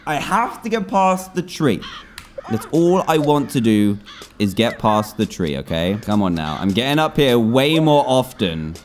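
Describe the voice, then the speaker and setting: Excitable gaming commentator. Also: male voice, medium pitch, a little slow, a little hiss or hum. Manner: excitable, exclaims and groans at failures. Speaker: gaming YouTuber. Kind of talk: gameplay commentary.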